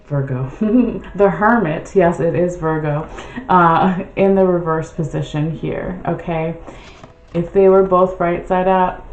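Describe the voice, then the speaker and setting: Low-voiced chatty woman reading tarot. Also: darkish tone, reverberant, lo-fi sound, a little hiss or hum. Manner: chatty, rambling, self-correcting with many "okay?" checks. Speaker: tarot reader. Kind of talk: casual tarot reading livestream.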